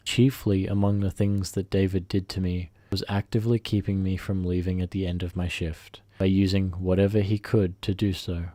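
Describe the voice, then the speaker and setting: A man's voice: low voice, dark tone, no echo. A man reading a first-person revenge story aloud, often stumbling and correcting himself mid-sentence. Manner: halting, self-correcting reading. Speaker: story narrator.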